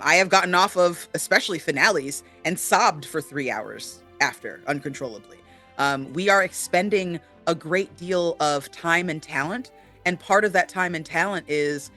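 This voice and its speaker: A man co-hosting a casual chat, talking earnestly with many fillers as he gives shout-outs. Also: fairly high pitch. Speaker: co-host.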